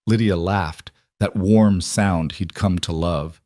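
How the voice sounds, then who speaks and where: Calm, low-voiced male storyteller. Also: slow, no room sound, studio quality. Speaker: narrator. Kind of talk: scripted western storybook narration.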